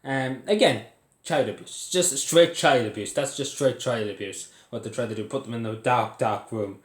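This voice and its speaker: A man's voice: mid-range voice, normal speed. A young Irish man angrily ranting to his camera at home, swearing and laughing bitterly at what he reports. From Ireland. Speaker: vlogger. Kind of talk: angry ranting commentary to camera. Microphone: phone or camera set on its side. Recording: echoey room.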